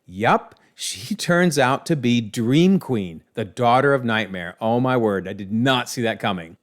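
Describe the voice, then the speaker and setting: A man giving a chatty, animated recap of a comic series as casual video commentary. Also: mid-range voice, measured pace.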